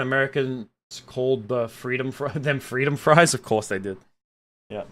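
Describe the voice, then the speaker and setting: Young man, bright sharp tone, casual streamer reading chat and arguing back with animated, opinionated energy. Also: medium pitch. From Australia. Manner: animated and opinionated, jumping between loud outbursts and muttered asides. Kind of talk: casual chat, reading viewer comments aloud.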